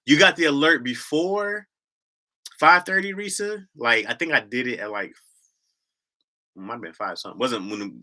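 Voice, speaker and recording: A man with a Michigan accent hosts a casual livestream chat, rambling in slang and breaking into laughs. His voice sits at an ordinary pitch but swings widely, with a sharp, forceful brightness. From Lansing, Michigan, US. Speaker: livestream host.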